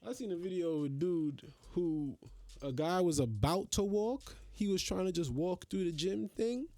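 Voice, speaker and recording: A man's voice: high voice, normal speed, mellow, no room sound, studio quality. A man hosting a podcast, ranting in a casual, profane, exasperated way. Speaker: podcast host. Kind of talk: casual solo rant.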